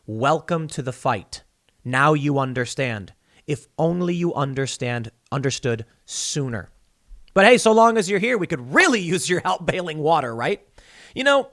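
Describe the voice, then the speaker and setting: A man's voice: on the high side, a bit bright, dry recording, clean studio sound. A man hosting a podcast, delivering solo political commentary in an emphatic, argumentative way, building long analogies to make his point. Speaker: podcast host.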